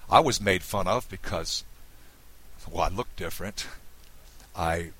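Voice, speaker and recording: A man from the Southern United States giving a recorded Bible lesson, explaining with lively emphasis. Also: deep voice, unhurried, slightly rough, poor audio. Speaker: Bible teacher.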